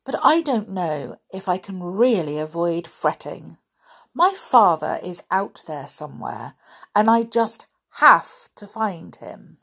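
A woman's voice: lowish voice, very animated, slow pace, gravelly, fairly bright tone, slightly rough, heavily acted. A woman voicing an upset, determined little girl mouse who talks indignantly and anxiously. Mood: worried.

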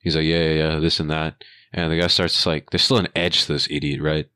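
A young man with a very deep voice rambles through a story about a job site, swearing freely and slipping into the voices of the people in it. The sound is dry and close, with no room around it. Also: fairly quick, no echo. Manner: profane, slangy, animated retelling with quoted voices. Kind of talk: casual storytelling chat.

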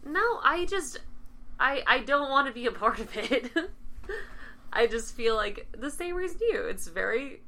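A woman's voice: sits high, sing-song, a little slow, bright, forceful tone, slight background noise. A young woman co-hosting a casual chat, opinionated and impassioned, often laughing. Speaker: podcast co-host.

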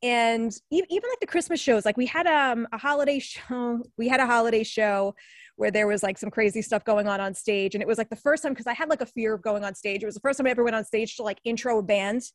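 A woman's voice: a little high, fast talker, dry recording. Chatty New York woman in her forties. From New York area. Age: 40s. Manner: chatty, laughing, many fillers. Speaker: alumni guest, former radio newscaster. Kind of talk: casual interview chat.

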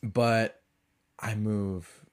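A man hosting a podcast tells stories in a loose, rambling way, and his accent drifts between a Southern US drawl and Boston. He mocks himself often and keeps the delivery casual and animated. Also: fairly low pitch, extremely slow. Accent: mix of Southern US and Boston. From American South and New England. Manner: rambling, self-mocking, animated. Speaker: podcast host. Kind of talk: casual storytelling monologue.

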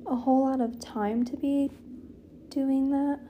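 A woman's voice: high voice, steady tone, unhurried, mellow, slight background noise. A woman in her twenties rambling casually to her viewers outdoors, giggling, slipping into whispers, and sounding cold. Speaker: vlogger.

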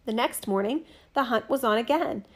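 Gentle woman reading a fairy tale. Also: a little high, normal speed. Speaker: storyteller.

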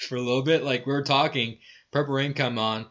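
Male podcast host, bright voice, rambling profane storytelling, dull lo-fi sound. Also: mid-range voice, fairly even intonation, normal speed. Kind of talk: casual chat.

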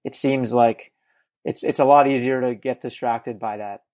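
A man hosting a podcast who asks thoughtful questions, pausing often to gather his words. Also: medium pitch, fairly even intonation, darkish tone. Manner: thoughtful, hesitant with fillers. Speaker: podcast host. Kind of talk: interview questions.

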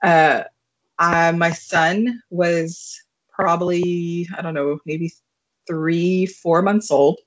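A young woman telling a story as a podcast guest, animated and laughing, with plenty of fillers. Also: lowish voice, drawn-out words. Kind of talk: casual storytelling. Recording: muffled lo-fi recording.

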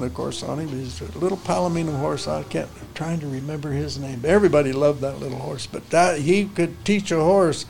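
A man's voice: a little high, vocal fry, slight background noise. An older man, a horse trainer, telling folksy stories in casual conversation with salty ranch talk. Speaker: interview guest, horse trainer.

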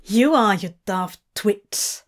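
A woman voicing a gruff, protective male demon who growls and swears in slow, spat-out words. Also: mid-range voice, lively intonation. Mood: scolding.

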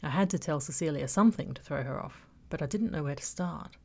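Brief: female audiobook narrator, low voice with vocal fry, measured first-person telling. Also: expressive. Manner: measured, reflective storytelling.

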